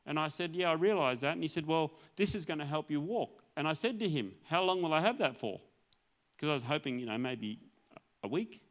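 Man telling a lively testimony. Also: a little high, a little fast. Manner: storytelling, acts out dialogue, laughs often. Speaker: pastor. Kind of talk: testimony sermon.

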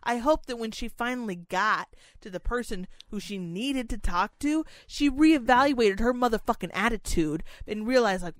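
A woman's voice: fairly high pitch, expressive, moderate pace, few pauses, no echo. Profane, ranting woman telling a story. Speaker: podcast co-host. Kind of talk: casual storytelling chat.

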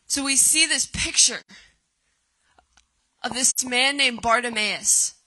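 A woman's voice: high voice, takes it slowly, pushed and bright, poor audio. A woman preaching a sermon, reading scripture aloud and then retelling it with dramatic cries.

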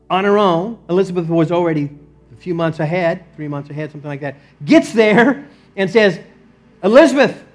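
A man preaching a sermon as pastor, animated, acting out the people he quotes and laughing often. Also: a little high.

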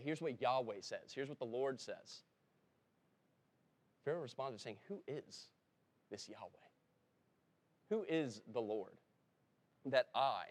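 A man preaching a sermon in a conversational way, breaking into emphatic rises when he quotes someone, and stopping now and then to correct himself. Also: mid-range voice. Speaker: pastor. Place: church.

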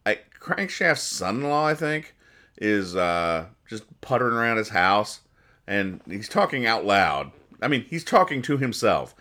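Deep-voiced man, deadpan and rambling. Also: a little slow. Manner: deadpan, rambling with many fillers. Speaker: podcast host reading comics. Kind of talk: casual comedic comic reading.

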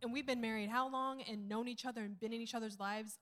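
A woman's voice: a little high, steady tone, quick pace, fairly bright tone. A woman, the pastor's wife, talking casually at church on a handheld mic, rambling into side stories. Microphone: handheld microphone.

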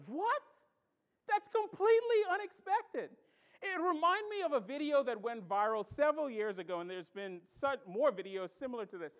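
A male pastor delivers a sermon in a notably high voice. He preaches with animation, telling stories and acting out reactions, swinging from loud exclamations to quiet asides. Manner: tells stories and acts out reactions.

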